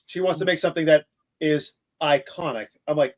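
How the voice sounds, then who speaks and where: A man's voice: fairly high pitch, fairly quick. Skeptical man on a dull, lo-fi mic. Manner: skeptical, mocking. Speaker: podcast co-host. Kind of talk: casual chat. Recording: dull lo-fi sound.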